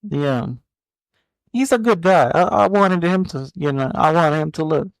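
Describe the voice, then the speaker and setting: A man in his forties co-hosting a podcast, talking in a slow, hesitant way and repeating words as he gathers his thoughts. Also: fairly high pitch, lively intonation, gravelly, no echo, rough recording. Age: 40s. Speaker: podcast co-host. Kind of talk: casual movie chat.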